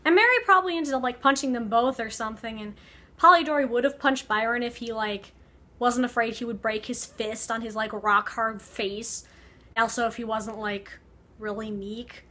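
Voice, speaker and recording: A woman's voice: fairly high pitch, steady tone, moderate pace, pushed and bright. A young woman vlogging, telling a story in a rambling, sarcastic way full of fillers, talking to the camera. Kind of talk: casual storytelling vlog.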